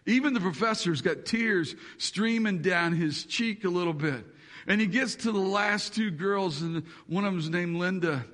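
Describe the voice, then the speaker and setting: A man preaching a sermon, telling a story with animated, building tension. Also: high-pitched, measured pace. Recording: long hall reverb.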